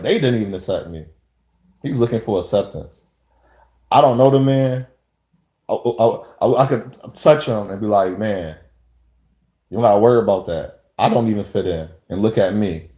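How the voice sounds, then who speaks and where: A man's voice: lowish voice, mellow, reverberant. A man talking straight to camera in a rambling monologue, full of rhetorical questions and restarts. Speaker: vlogger.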